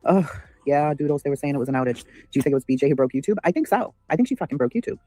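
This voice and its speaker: Fast-talking profane man hosting a livestream. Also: medium pitch, animated, warm tone, no echo, soft background music. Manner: profane, ranting, greets chat by name. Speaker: livestream host. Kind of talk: casual livestream commentary.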